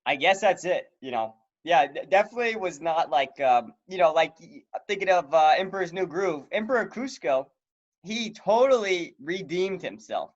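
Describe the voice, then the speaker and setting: A man's voice: sits high, lively intonation, normal speed, lo-fi sound. A man co-hosting a podcast, chatting casually with lots of fillers and laughs. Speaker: podcast co-host. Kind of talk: casual chat.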